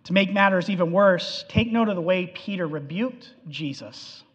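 A man preaching a sermon, animated and acting out the quotes, in an echoey hall on a dull, lo-fi recording. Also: high voice, moderate pace, breathy edge.

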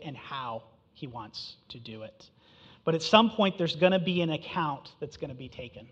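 A man's voice: on the high side, fairly bright tone, breathy edge, long reverb tail, lo-fi sound. A man preaching a sermon as pastor in a conversational, emphatic style with rhetorical questions.

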